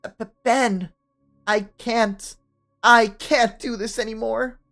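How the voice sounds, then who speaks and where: A narrator voicing a distraught young woman student who yells slowly and shrilly. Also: steady tone, gravelly, soft background music. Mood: anguished yelling. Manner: shrill, loud and slow.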